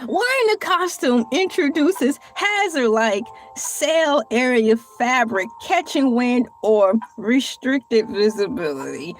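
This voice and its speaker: A woman vlogging on her own, reading aloud and joking with viewers in a playful, theatrical way, laughing often. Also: on the high side. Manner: colloquial, addresses viewers as y'all. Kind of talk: casual solo vlog, reading aloud and joking.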